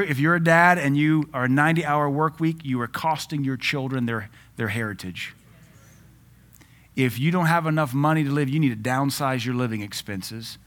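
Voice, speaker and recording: Joking, lively preacher man in his forties. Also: mid-range voice. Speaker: pastor. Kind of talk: sermon.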